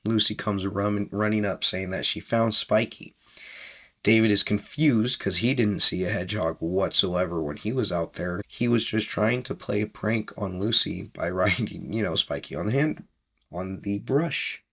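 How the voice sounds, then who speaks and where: Deep, gravelly-voiced man chatting casually. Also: normal speed, a bit bright. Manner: rambling, chatty, laughs easily. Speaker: podcast host recapping a book. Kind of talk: casual book discussion.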